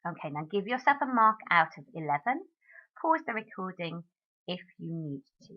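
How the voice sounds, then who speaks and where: A woman French teacher talking her class through marking answers in a recorded lesson, modelling each French word clearly. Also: on the low side, big pitch swings, normal speed, highs cut off.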